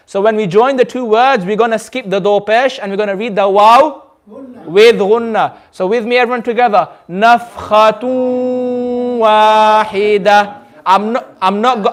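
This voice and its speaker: This tajweed teacher's voice is strikingly high as he guides his class in a community centre, going over every rule patiently and many times. He elongates the recited words slowly, and the group recites back after him.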